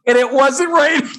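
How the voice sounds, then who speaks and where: A middle-aged comedian telling stories on a podcast, animated and profane, acting out the people he quotes. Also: extremely high pitch, a little hiss or hum. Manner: animated storyteller, swears, acts out quotes. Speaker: guest comedian. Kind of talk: casual podcast chat.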